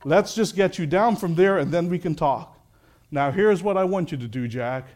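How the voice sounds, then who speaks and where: A man voicing God as a calm, patient voice that gives steady, gentle commands. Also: fairly high pitch, moderate pace, close to an everyday voice.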